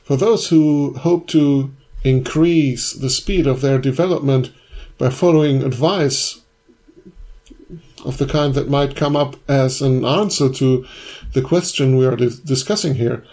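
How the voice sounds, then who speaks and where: A man, a guest photographer, giving an earnest, deliberate answer that builds its points in lists. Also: medium pitch, mellow. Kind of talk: reflective prepared answer.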